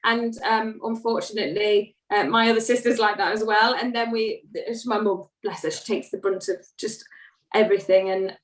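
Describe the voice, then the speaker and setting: A woman's voice: medium pitch, steady tone, moderate pace. A woman singer chatting as an interview guest, laughing often and poking fun at herself. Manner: chatty, laughing, self-deprecating. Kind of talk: casual interview chat. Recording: roomy sound, distant from mic.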